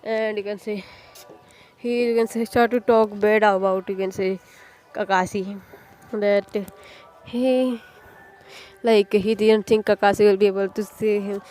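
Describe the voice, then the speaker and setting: A woman recapping a fan story in a casual, rambling way, full of fillers, restarts and pauses to recall names. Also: medium pitch, flat delivery, darkish tone, faint music behind. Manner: rambling, leans heavily on "you can say" and fillers; hesitant, restarts and searches for names.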